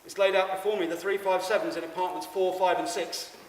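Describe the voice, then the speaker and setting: Male stage performer, stammering absurd monologue; higher voice, distant mic, reverberant venue. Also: little pitch movement, brisk. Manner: rambling, stammering, addresses the audience. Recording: echoey hall, mic far off.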